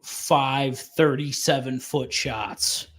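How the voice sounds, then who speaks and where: A young man co-hosting a sports betting show, relaxed and swearing in casual chat. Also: medium pitch, very slow, slight background noise. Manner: laid-back, swearing, laughs easily. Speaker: sports betting podcast co-host.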